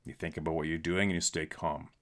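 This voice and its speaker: A man's voice: extremely low pitch, flat delivery, fast talker, fairly bright tone. A middle-aged man hosting a podcast, telling a story in a blunt, emphatic, repetitive way. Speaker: podcast host. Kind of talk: casual storytelling monologue.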